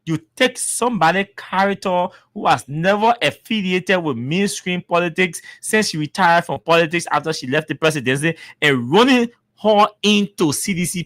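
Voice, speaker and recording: A talk-radio host with a Liberian accent delivers commentary with heavy emphasis and lots of repetition. The voice sits at a middle pitch and sounds dry and close. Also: a bit bright, dry recording.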